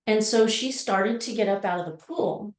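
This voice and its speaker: A woman's voice: medium pitch, moderate pace. A woman giving a motivational talk as a personal story, speaking expressively and acting out the voices she quotes. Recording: roomy echo.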